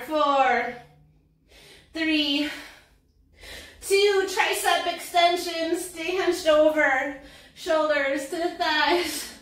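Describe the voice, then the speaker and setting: A woman fitness instructor calls out a workout class, out of breath. Her voice sits high, and she talks at an unhurried pace between cheers and counts. The sound is roomy and echoey, as if the mic sits some way off. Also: fairly bright tone, far from the mic. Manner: upbeat, counting reps and cheering with whoops and laughs.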